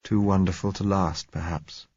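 A man voicing a calm young man in an audiobook, speaking softly and soothingly. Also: deep voice, moderate pace, breathy edge, no echo, lo-fi sound. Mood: tender. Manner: soft, soothing. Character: tender, resolute young man.

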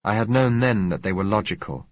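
A man narrating a story in the first person, in a measured, reflective way. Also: lowish voice, animated, dry recording. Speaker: audiobook narrator. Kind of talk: scripted narration. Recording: dull lo-fi recording.

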